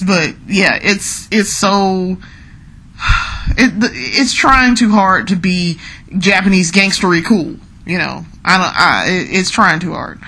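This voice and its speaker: A woman's voice: medium pitch, expressive, takes it slowly, a bit bright, poor audio. Chatty woman, candid. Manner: chatty, frank, often laughing, repeats herself. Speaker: blogger and podcast host. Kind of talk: casual spoken game commentary.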